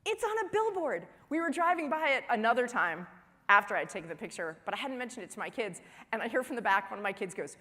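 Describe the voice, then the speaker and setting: A woman in her forties giving a humorous keynote speech at a conference, telling family stories in an animated way and acting out the dialogue. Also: on the high side, fast talker. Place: large conference hall. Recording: long reverb of a large hall.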